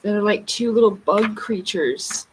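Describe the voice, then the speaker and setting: A woman's voice: medium pitch, animated, a little slow. Woman muttering over a noisy recording. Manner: muttering, flustered, thinking aloud. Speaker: livestream host. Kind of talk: unscripted livestream talk to herself while searching a book.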